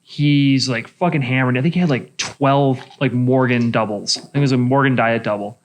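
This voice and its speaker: A man, a bartender, telling a bar story in casual chat, profane and animated. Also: mid-range voice, normal speed, a little hiss or hum. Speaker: bartender and podcast co-host.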